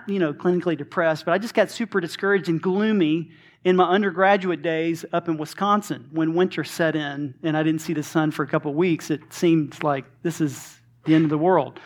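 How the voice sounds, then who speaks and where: High-voiced pastor in his forties. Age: 40s. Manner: animated, acts out dialogue, frequent restarts. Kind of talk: sermon storytelling.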